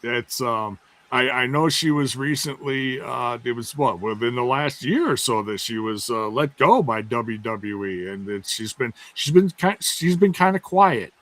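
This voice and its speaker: A man's voice: medium pitch, measured pace, hardly any pauses, a bit bright. A man co-hosting a casual podcast, chuckling and restarting his sentences. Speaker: podcast co-host. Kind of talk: casual wrestling podcast chat.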